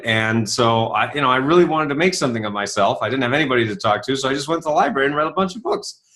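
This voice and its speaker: A man in his fifties, an author talking as an interview guest, telling stories and acting out quoted lines with lively rises in his voice. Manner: animated, acts out quoted dialogue with rising pitch. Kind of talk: storytelling interview talk.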